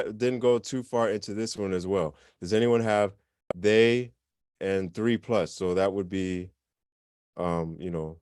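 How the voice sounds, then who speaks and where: Relaxed low-voiced man teaching a class. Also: clear, resonant tone, no room sound, clean studio sound. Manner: relaxed, self-correcting, chatty explanations. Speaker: language teacher. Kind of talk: informal online class.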